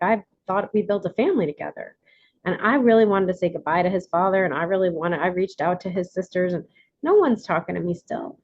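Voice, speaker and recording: A woman's voice: mid-range voice, darkish tone, husky, dry recording, dull audio. A woman leading an online workshop, sharing candidly with many fillers and restarts. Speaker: workshop leader.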